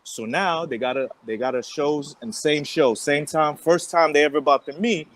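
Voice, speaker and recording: High-voiced man telling a story. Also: moderate pace, no echo. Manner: animated storyteller, acts out what others said; slangy, loose street talk. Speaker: podcast host. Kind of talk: casual podcast chat.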